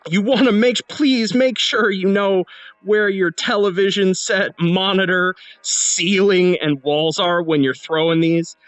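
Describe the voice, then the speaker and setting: A man's voice: sits high, steady tone, unhurried, fairly bright tone, clean tone, dry recording, dull audio, faint music behind. A man, a game developer, talking through his game's new features in a casual devlog walkthrough while playing, often restarting his sentences. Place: indoor room at home.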